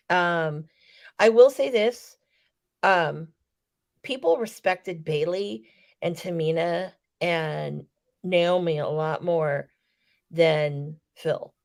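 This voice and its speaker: A woman in casual podcast chat, telling a story with profanity and acting out the quotes. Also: fairly low pitch. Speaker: wrestling podcast co-host.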